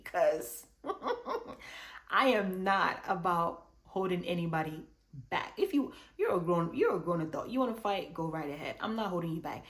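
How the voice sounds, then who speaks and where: A woman casually recapping a reality show episode, chatty and animated, acting out what the cast said. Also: mid-range voice. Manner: chatty and animated, acts out quotes. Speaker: reality TV reviewer.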